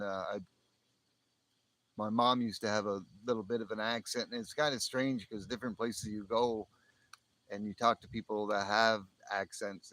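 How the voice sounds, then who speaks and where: Low-voiced guy from up by the canadian border, rambly live stream chat, laughs a lot. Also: a bit bright, rough recording. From northern US near the Canadian border. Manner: rambling, chuckles often, restarts sentences. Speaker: livestream host.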